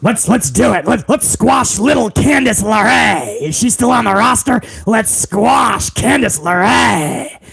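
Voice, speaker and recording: A man doing a mocking impression of a blustering old male company boss who shouts orders. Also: sits high, expressive, a little slow, a crowd in the background, exaggerated voice. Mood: gleeful shouting. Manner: shouting, raspy, gleeful bellowing.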